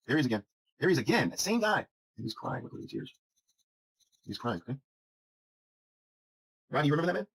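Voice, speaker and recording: A man's voice: medium pitch, fairly bright tone, breathy edge, low-quality recording. A man teaching a recorded trading lesson over charts, emphatic and hammering his points with repeated questions. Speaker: trading instructor.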